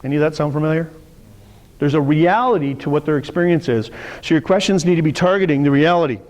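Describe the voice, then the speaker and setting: A man's voice: fairly high pitch, fast talker, a little mellow, in a large hall. A middle-aged man teaching a live sales workshop, telling stories and acting out the voices of the people in them. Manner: storytelling, acts out quoted voices. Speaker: sales coach.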